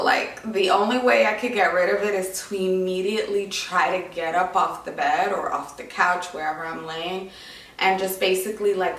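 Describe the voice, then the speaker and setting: Young woman, casual vlog chat, slightly breathless, lower voice, roomy echo. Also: fairly bright tone. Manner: chatty, many "like" and "um" fillers. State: short of breath. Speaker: vlogger. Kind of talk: casual pregnancy update vlog. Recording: echoey room, voice a bit far from mic.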